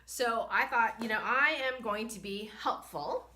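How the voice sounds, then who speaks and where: A woman hosting a spiritual medicine vlog, telling a story in an animated, chatty way with many fillers, talking to a camera she holds herself. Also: fairly high pitch, measured pace, slight background noise. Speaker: host and spiritual medicine practitioner. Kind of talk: casual storytelling.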